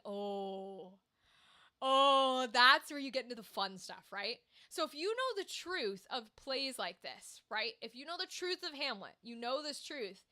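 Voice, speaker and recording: Woman streamer, high bright voice, casual animated rant. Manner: animated, swearing, talks to chat. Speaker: livestream host.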